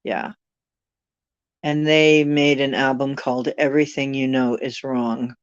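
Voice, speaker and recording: A woman's voice: a bass voice, steady tone, measured pace, smooth, dry recording, muffled recording. A woman hosting a livestream, chatting casually with viewers in a rambling, joking, self-deprecating way. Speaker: livestream host.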